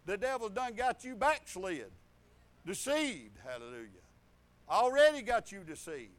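A man's voice: big pitch swings, unhurried, fairly bright tone. An older man, preaching a folksy sermon full of stories, laughter and hallelujahs. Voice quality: high-pitched. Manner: rambling storytelling with laughs and hallelujahs.

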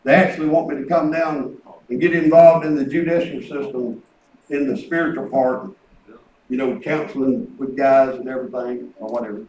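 A man's voice: mid-range voice, steady tone, normal speed, a little mellow, a little hiss or hum. A man preaching a folksy sermon, telling rambling stories and breaking into calls of praise. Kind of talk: sermon with testimony. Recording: echoey room, distant mic.

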